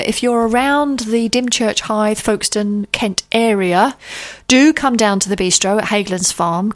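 A woman co-hosting a radio show, chatting casually with lots of ums and quick laughs. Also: a little high. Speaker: radio co-host.

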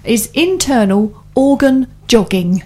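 A woman's voice: fairly high pitch, expressive, takes it slowly, a little mellow. A woman hosting a radio chat show, talking enthusiastically in long, running sentences. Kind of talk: casual studio chat.

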